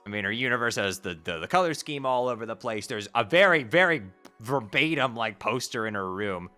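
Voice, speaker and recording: A man's voice: mid-range voice, animated, fairly quick, bright, forceful tone. A man streaming casual chat, rambling with laughs and stumbling restarts. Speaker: streamer reading a webcomic aloud. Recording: background music under voice.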